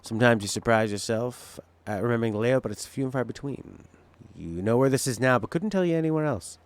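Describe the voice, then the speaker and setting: A man's voice: mid-range voice, animated, quick pace. A male game streamer rambling through casual, opinionated, jokey commentary while he plays.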